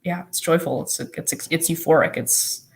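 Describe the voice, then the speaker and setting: A young guest talking about their own life on a video call, excited and chatty, with many "like"s and restarts. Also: mid-range voice, moderate pace, vocal fry. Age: teens or young adult. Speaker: youth guest blogger. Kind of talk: casual live-stream conversation.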